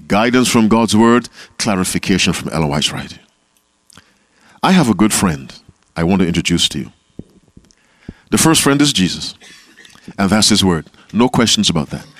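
Pastor, male, low register, dry close mic, call-and-response preaching style. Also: fairly bright tone, no room sound. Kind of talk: sermon. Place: camp meeting talk.

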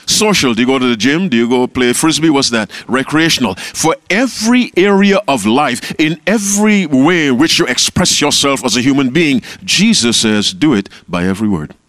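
A man preaching a sermon as pastor, asking his listeners questions and answering them himself, with quotes acted out softly. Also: mid-range voice, expressive, brisk, hardly any pauses, no room sound. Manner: call-and-response preaching, questioning the audience. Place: camp meeting talk.

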